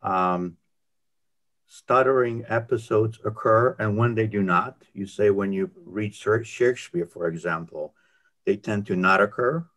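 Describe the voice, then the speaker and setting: A man in the audience politely asking a question on a video call, pausing on fillers. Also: lowish voice, a bit bright.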